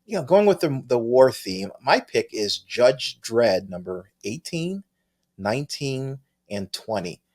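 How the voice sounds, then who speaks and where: A man's voice: mid-range voice, sing-song, measured pace, darkish tone. A man co-hosting a comic book podcast, chatting casually and enthusiastically with frequent restarts. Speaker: podcast co-host. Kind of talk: casual chat.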